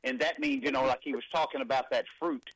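Excited, folksy man. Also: mid-range voice, fast, vocal fry, husky, dry recording, poor audio. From East Texas. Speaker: guest on a call-in ministry broadcast.

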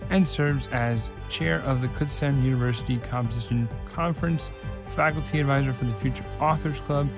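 A man reads a radio news bulletin in a steady, formal manner, his pitch sitting in an ordinary middle range. A music bed plays clearly underneath his voice. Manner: measured, formal delivery. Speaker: news reader. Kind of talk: scripted radio news read.

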